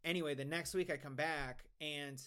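A man's voice: on the high side, steady tone, normal speed, pushed and bright, smooth. A young man co-hosting a podcast, telling a long story in casual, rambling talk full of swearing and restarts. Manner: rambling, profane, many restarts. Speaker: podcast co-host.

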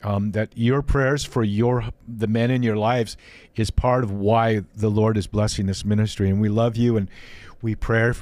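A man's voice: lowish voice, warm tone, dry recording. A man hosting a faith interview show, talking earnestly and often restarting his sentences. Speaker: podcast host.

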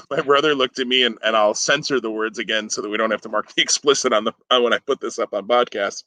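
A male podcast host telling a story in a loose, rambling way, full of fillers and little laughs. His voice is bright and forward. The sound is dry and close, with no room around it. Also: lowish voice, quick pace, dry recording, poor audio. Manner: rambling, self-interrupting, chuckling. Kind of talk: casual storytelling chat.

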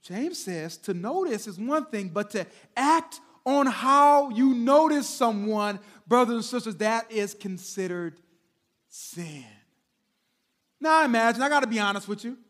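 A male pastor with a strikingly high voice, preaching in a church sanctuary. He talks to the congregation in a conversational way, often repeating himself, and moves between loud punches and quiet, drawn-out words. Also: lively intonation. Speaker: senior pastor. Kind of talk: sermon.

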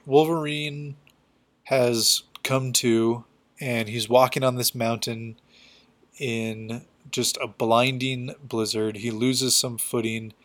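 Flat-voiced man recapping a comic casually. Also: medium pitch. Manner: chatty, loose, full of fillers. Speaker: comic book reviewer.

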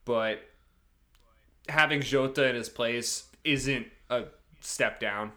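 A man talking football on a casual podcast, his voice bright and forward at a middling pitch. He rambles, stops and restarts, piling up fillers as he works through his predictions. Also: slow pace. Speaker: podcast co-host, Liverpool supporter.

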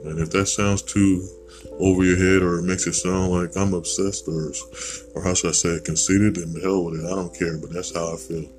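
A man's voice: deep voice, flat delivery, brisk, over music, low-quality recording. An American man hosting a podcast, rambling through a blunt, digressive opinion monologue with casual swearing. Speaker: podcast host.

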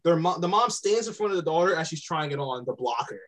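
A man's voice: on the high side, animated, quick pace, a bit bright. A young man co-hosting a podcast, telling rambling stories in casual chat and laughing often. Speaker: podcast co-host.

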